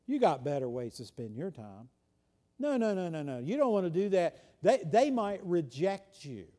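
A preacher voicing the murmuring sinful flesh. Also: male voice, sing-song, normal speed, dark tone. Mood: coaxing. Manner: low murmuring, repeating no. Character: the sinful flesh, male, coaxing and discouraging.

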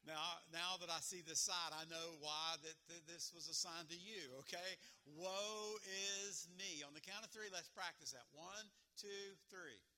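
A man's voice: a little high, moderate pace, hardly any pauses, pushed and bright. A man preaching a sermon as pastor, playfully coaching his congregation.

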